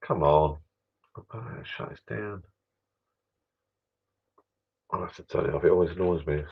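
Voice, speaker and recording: A man's voice: sits low, measured pace, gravelly, a little hiss or hum. A middle-aged man, rambling casually and a bit tired during a live stream from his backyard shed bar, with mild swearing. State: tired, a few beers in. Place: backyard shed bar, small room indoors. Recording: dull lo-fi stream audio.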